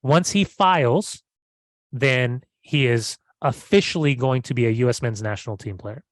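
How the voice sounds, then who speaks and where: A man's voice: mid-range voice, normal speed, dry recording. A man co-hosting a casual football podcast, emphatic and argumentative. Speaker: podcast co-host.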